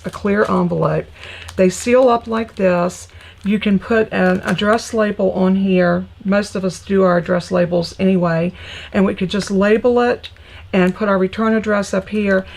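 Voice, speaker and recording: Chatty woman with a gravelly edge. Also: mid-range voice, darkish tone, poor audio. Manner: chatty, gushing, greets live viewers. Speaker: crafting host. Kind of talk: live crafting tutorial.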